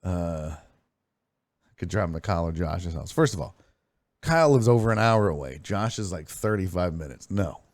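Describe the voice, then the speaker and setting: A man's voice: low-pitched, lively intonation, normal speed, no room sound. A man hosting a sports live stream, chatting casually, telling stories, reading chat messages aloud and swearing freely. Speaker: sports streaming show host.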